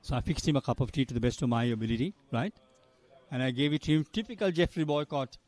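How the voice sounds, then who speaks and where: A man's voice: fairly high pitch, fast, darkish tone. An older man from Sri Lanka, commentating live cricket and telling long chatty anecdotes between balls. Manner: chatty storyteller, drifts between anecdotes and play calls.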